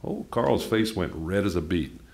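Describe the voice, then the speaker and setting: Man, reading a novel aloud, plainspoken, unhurried, lowish voice. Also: animated, darkish tone. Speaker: reader. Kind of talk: reading fiction aloud at a book event.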